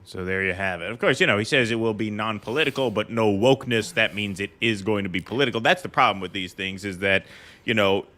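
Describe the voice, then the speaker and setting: A man with a lowish but bright, forceful voice co-hosts a political stream. He talks casually, blunt and sarcastic, full of fillers like "you know". His tone is dry and mocking. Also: fast talker.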